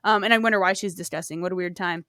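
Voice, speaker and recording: A woman's voice: lowish voice, steady tone, rapid-fire, pushed and bright, no room sound, studio quality. A woman hosting a podcast, retelling a fairy tale in a casual, profane, rambling way. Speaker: podcast host. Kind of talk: casual storytelling.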